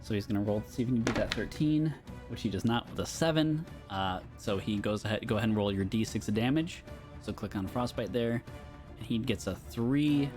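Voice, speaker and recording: Relaxed low-voiced man running a game. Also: a little fast, music in the background. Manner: laid-back, laughing, descriptive narration. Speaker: dungeon master. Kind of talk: narrating a tabletop game.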